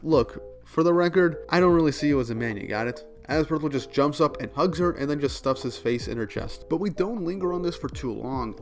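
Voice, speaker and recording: Here's a man running through a comic chapter in a loose, chatty way, full of "like" and quick laughs. His voice sits at a middling pitch. Faint music plays underneath. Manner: chatty, many "like" fillers, laughs often. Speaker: manga reviewer. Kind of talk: casual chapter recap and commentary.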